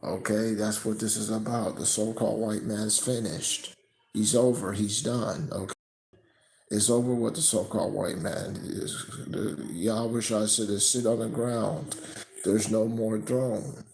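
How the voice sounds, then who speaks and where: Low, gravelly male preacher. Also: fairly even intonation, slight background noise, rough recording. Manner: tags nearly every sentence with "okay?"; reads scripture slower and louder. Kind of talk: scripture teaching.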